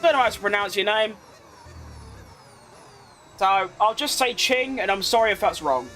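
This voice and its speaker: A man giving excitable live commentary while playing a racing game, exclaiming at close moments. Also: high-pitched, normal speed, a little hiss or hum. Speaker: gaming streamer.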